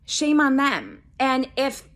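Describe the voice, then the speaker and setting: A woman's voice: sits high, lively intonation, takes it slowly, a bit bright. A woman in her twenties talking earnestly and a little teary-eyed in a casual self-love vlog, gushing and talking to herself as if in a mirror. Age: 20s. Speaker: vlogger.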